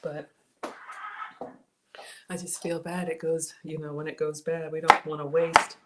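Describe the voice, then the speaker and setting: Speaking at a measured pace in a low voice with a level tone, a home cook chats casually with her livestream viewers and greets them by name. She is in her kitchen, recorded on a cell phone and tablet, and the audio is noisy.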